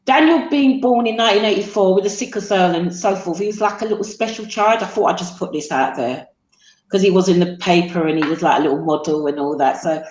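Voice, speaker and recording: A woman speaks as an interview guest, halting and full of fillers and restarts. Her voice sits in a roomy space and sounds slightly dull. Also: on the low side, darkish tone. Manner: halting, tearful, with self-deprecating jokes. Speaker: guest, mother. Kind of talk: emotional interview.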